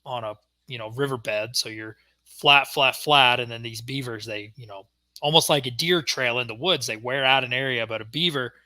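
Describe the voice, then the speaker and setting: A young man co-hosting a podcast, telling a story in casual chat and acting out the shouted quotes. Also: medium pitch, moderate pace, no room sound. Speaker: podcast co-host.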